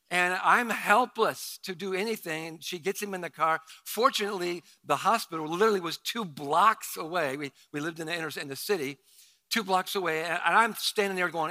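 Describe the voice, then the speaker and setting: A middle-aged male pastor tells a story during his sermon, his voice a little high and a little fast. He's animated, acting out the quotes with sudden loud outbursts.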